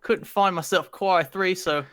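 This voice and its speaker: A jokey Aussie bloke tells a hesitant yarn, as a man puts him on. The voice sits high and carries no room echo. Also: rapid-fire, bright, forceful tone, clean studio sound. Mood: joking. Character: man putting on an Australian bloke telling a yarn.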